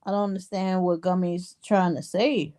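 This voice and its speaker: A woman's voice: fairly low pitch, steady tone, normal speed, mellow. A woman co-hosting a casual livestream chat, reassuring and hesitant, often restarting her sentences.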